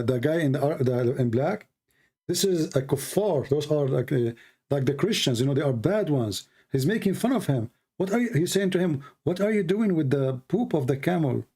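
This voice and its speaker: Male, Arabic native, Middle Eastern origin; slightly high voice; sarcastic, scoffing video commentator. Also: warm tone, breathy edge. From Middle East. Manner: mocking, sarcastic. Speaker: religious commentator. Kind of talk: casual commentary over a video.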